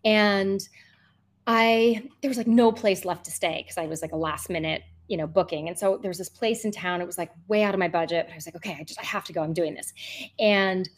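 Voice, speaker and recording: A woman in her thirties, a love coach being interviewed, telling personal stories in a lively way, laughing often and saying "like" and "you know" a lot. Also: medium pitch, a little fast. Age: 30s. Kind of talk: casual storytelling interview.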